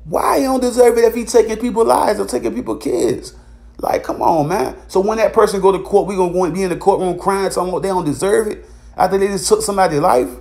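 A man's voice: high-pitched, quick pace, gravelly, a little mellow. A man, ranting bluntly in a heated, profane vlog commentary. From Virginia, USA. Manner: repeats filler tags. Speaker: vlogger. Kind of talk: angry commentary monologue.

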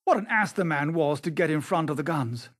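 A man reading aloud, voicing a brusque, impatient gentleman hunter who shouts his lines. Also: fairly high pitch, expressive, brisk.

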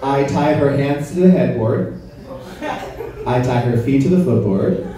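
A man's voice: medium pitch, a little slow. A man performing a stand-up comedy set at a club, crude and conversational, teasing the audience. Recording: roomy club sound from far off, crowd audible. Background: audience laughter.

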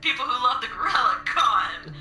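Bright-voiced, giggly Canadian woman. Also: on the high side, big pitch swings, moderate pace. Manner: giggly, rambling, chatty. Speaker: game streamer. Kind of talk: casual let's-play commentary. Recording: echoey room with faint music.

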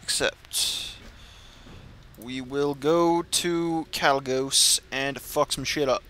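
A man's voice: medium pitch, steady tone, slow, pushed and bright, slight background noise. A man swearing and trash-talking through frustrated gameplay commentary. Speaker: gamer.

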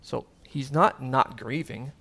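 A man's voice: mid-range voice, slow, vocal fry, bright, forceful tone. Earnest pastor, man preaching. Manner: earnest, conversational, with fillers and asides. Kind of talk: sermon.

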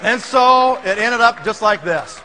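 A man telling a comic story to an audience, animated and laughing, acting out the scenes. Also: high voice, measured pace, some chatter behind, a little hiss or hum. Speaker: speaker.

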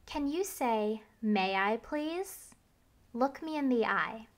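Slow, patient ASMR woman. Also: on the high side, expressive. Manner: slow, patient repeat-after-me delivery. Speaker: ASMR creator. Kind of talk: manners-practice role-play at normal volume.

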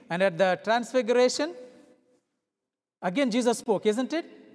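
A middle-aged male visiting pastor preaching a sermon, moving between loud emphatic peaks and hushed low passages and asking his listeners rhetorical questions. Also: lively intonation, a little slow. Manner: asks the congregation rhetorical questions. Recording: long hall reverb.

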